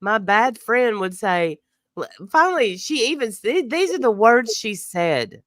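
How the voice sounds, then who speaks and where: A woman recovering from illness, chatting casually as host of a live stream and telling stories in an animated way with plenty of laughs. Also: fairly high pitch, unhurried, no room sound, studio quality. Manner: animated storyteller, laughs a lot. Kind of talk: casual chat.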